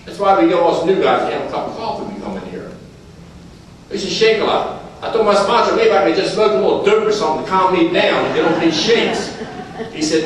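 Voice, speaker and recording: An American man with a slightly high voice shares his story at a recovery meeting in a plain, folksy way, acting out his sponsor's lines. He talks quickly, a habit he says keeps his stutter away. The sound comes from far off in a very echoey room with faint hiss and room noise behind. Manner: talks fast to avoid stuttering. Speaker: AA speaker. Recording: distant mic in echoey meeting hall.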